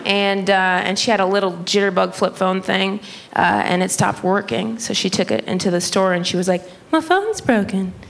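A woman's voice: medium pitch, little pitch movement, normal speed, creaky. A young woman performing a chatty, self-mocking stand-up routine, often laughing into her punchlines. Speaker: stand-up comedian. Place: comedy club stage. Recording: live club crowd and noise. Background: audience laughter.

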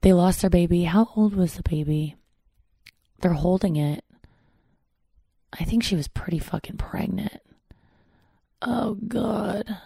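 Casting: vlogger in their thirties, gravelly fry, dry close sound, loose and foul-mouthed. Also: medium pitch, a little mellow, no echo. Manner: rambling, profane, self-interrupting. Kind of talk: casual solo chat.

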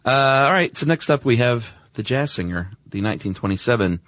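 Deep-voiced man in casual podcast chat. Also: a little fast, dry recording. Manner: relaxed, conversational, many fillers. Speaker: podcast co-host.

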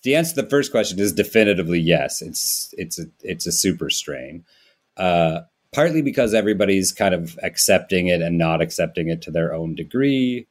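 A man with a lowish voice chats casually as a podcast guest. He is wry and self-mocking and keeps dropping into quick, silly character voices as he talks. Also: lively intonation. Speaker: comedian guest.

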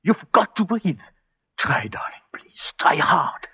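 A man playing the leading husband and narrator in a 1940s radio drama, talking in a hushed, intense, pleading way. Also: on the high side, lively intonation, unhurried, husky, exaggerated voice. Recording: dull 1940s radio broadcast with faint music.

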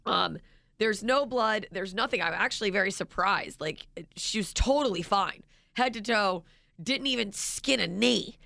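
A woman's voice: mid-range voice, a little slow, gravelly, dry recording, clean studio sound. A woman co-hosting a radio show, telling a story in casual chat and acting out the quotes with gusto. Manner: animated storyteller who acts out quotes.

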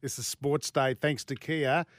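A man hosting a sports radio show, brisk and keeping things moving. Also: medium pitch, steady tone, no room sound, studio quality. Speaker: radio host. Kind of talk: casual sports radio chat.

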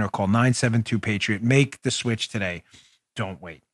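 A man's voice: lowish voice, moderate pace, no echo, clean studio sound. A man from New York hosting a political podcast, delivering a combative, sarcastic opinion monologue. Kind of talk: opinionated talk show monologue.

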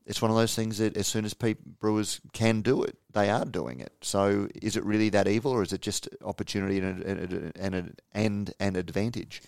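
A man co-hosting a casual podcast, talking in a halting way with many fillers and restarts. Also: lowish voice, steady tone, vocal fry, darkish tone, clean tone, dry recording, studio quality. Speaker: podcast co-host.

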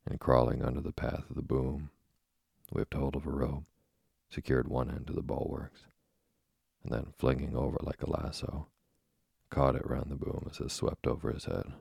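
A man reading a classic sea novel aloud in a measured, dramatic storytelling manner. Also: a bass voice, flat delivery, gravelly, a little mellow, slightly rough, no room sound, clean studio sound. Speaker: narrator.

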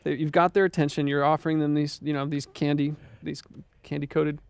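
A man running a tabletop game as game master, halting and stumbling, laughing often. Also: a little high, level tone, vocal fry, heavy background noise.

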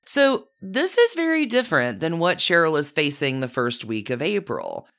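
Podcast host, casual true-crime storytelling, lively swooping pitch, wry asides, mid-range voice. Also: moderate pace. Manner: chatty, with wry personal asides.

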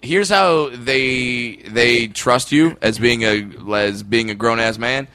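A young man with a bright, forceful voice chats casually on a podcast, stumbling over restarts and breaking into laughter. The sound is dry and close, with no room around it. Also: mid-range voice, slow pace, clean tone, no room sound. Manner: laughing, stammering restarts, drops into silly voices. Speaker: podcast co-host and comedian. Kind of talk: casual chat.

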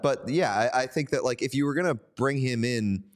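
A man's voice: medium pitch, fairly quick. A young man co-hosting a hockey podcast, talking animatedly and laughing between points. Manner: animated, laughs, acts out quotes. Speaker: podcast co-host. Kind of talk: casual sports chat.

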